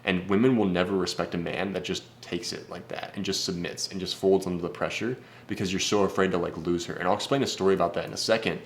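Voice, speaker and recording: A man's voice: deep voice, fairly even intonation, fast, few pauses, a little hiss or hum. A man speaking as a dating coach in a casual vlog, brash, blunt and profane. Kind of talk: casual vlog advice talk.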